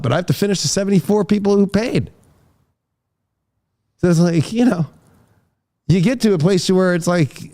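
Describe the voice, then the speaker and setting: A man's voice: high voice, warm tone. A man hosting a casual podcast conversation, telling rambling stories with plenty of swearing. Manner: profane, rambling storytelling. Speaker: tarot reader and podcast host.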